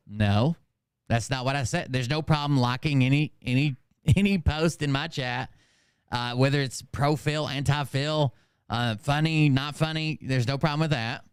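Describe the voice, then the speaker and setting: A man's voice: mid-range voice, moderate pace, smooth, no echo, clean studio sound. A man hosting his channel, ranting casually with lots of swearing and rambling restarts. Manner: profane, rambling, exasperated. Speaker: channel host. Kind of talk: casual livestream rant.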